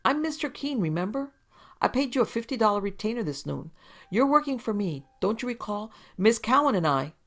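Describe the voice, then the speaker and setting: Fussy, prim male client with a whiny, raised pitch and a gravelly edge, as a woman reader puts him on. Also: moderate pace. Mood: wheedling. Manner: prim, fussy wheedling talk, higher pitch. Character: fussy, wheedling middle-aged man client. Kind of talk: storybook reading.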